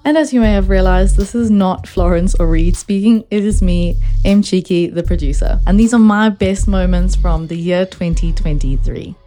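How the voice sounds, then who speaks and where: A woman producer reads brisk linking narration between clips. Her voice sits warm and mellow, with soft music faintly playing behind her. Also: lowish voice. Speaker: podcast producer. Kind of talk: scripted narration introducing clips.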